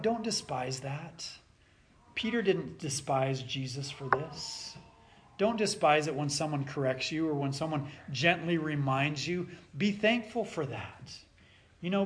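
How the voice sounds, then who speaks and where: A man preaching a sermon, swinging between loud urging and soft near-whispered passages. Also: on the high side.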